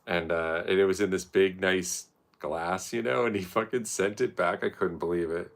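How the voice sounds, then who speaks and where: Rambling, gravelly-voiced man telling bar stories. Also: low-pitched, fairly even intonation, moderate pace. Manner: profane, rambling, self-mocking, loud mocking quotes. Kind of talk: casual rambling storytelling.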